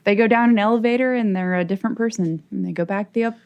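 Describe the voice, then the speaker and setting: A woman's voice: mid-range voice, a little mellow, lo-fi sound. Joking woman co-hosting a podcast. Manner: joking, quick reactive asides. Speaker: podcast co-host. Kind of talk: casual podcast chat.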